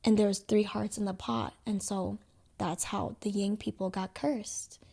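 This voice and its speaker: A woman's voice: medium pitch, flat delivery, measured pace, creaky, dark tone, slightly rough. Young female podcast co-host; loose, filler-heavy storyteller. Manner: rambling, heavy use of "like" and "you know". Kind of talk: casual storytelling chat.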